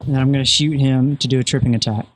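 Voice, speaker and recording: A man's voice: mid-range voice, steady tone, rapid-fire, poor audio. A man playing in a tabletop game, laying out his moves step by step. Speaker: player. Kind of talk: casual tabletop banter.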